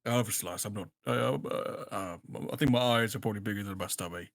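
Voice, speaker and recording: A man's voice: fairly low pitch, fairly quick, creaky. A man playing a character in a tabletop game, ordering food with easygoing, hesitant jokes. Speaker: player. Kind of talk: casual in-character banter.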